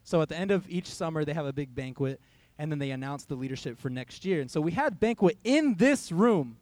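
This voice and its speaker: A man's voice: on the high side, lively intonation, fairly quick, darkish tone. A young man, a youth pastor, giving a conversational sermon in a church hall, telling a personal story and quoting his own thoughts.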